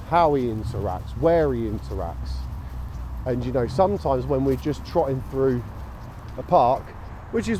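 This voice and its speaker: Chatty English man walking outdoors. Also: mid-range voice. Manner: chatty, matter-of-fact, talks to his dog while walking. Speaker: dog-walking vlogger. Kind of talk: casual walking vlog narration. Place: outdoors, park, canal path and high street. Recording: outdoor street noise behind.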